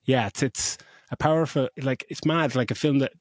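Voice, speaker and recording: Excitable man with a dry, close sound. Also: medium pitch, normal speed, dry recording. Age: middle-aged. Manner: enthusiastic, swears freely, full of restarts; emotional when retelling scenes. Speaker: podcast co-host. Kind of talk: casual film review chat.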